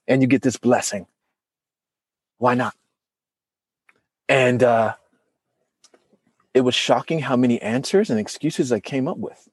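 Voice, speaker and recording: A husky-voiced man talks a bit slowly and pauses often, recorded dry. Chatting casually, he tells an emotional personal story and performs people's quotes with dramatic pitch leaps.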